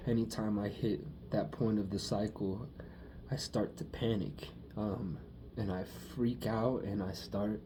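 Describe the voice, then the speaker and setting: A young man talking through his feelings in a personal monologue, halting and rambling, with many fillers. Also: lowish voice, fairly even intonation, background noise.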